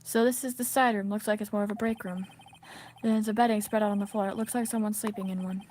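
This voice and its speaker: A woman's voice: mid-range voice, steady tone, quick pace, darkish tone, a little hiss or hum, lightly acted. A woman voicing a curious young male lawyer in her own plain reading voice.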